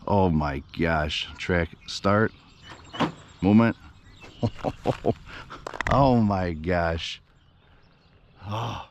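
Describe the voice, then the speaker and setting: A man vlogging outdoors by a river, excited and breathless, saying he is shaking with excitement and often calling out to his viewers. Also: deep voice, extremely slow, noisy background. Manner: excited, breathless exclamations and repeated "you guys". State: shaky with excitement. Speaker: vlogger running a radio-controlled boat. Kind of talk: excited outdoor vlog commentary.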